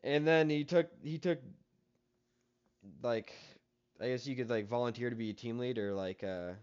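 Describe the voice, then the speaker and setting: A man's voice: medium pitch, moderate pace, a little mellow, clean tone, highs cut off. Exasperated man telling a story. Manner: exasperated, profane, rambling. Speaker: story-time vlogger. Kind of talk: casual storytelling.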